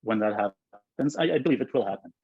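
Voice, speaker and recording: A man, a software co-founder, talking in a casual interview, thoughtful and full of fillers and restarts. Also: lowish voice, lively intonation, brisk, slightly rough, no echo, phone-quality sound.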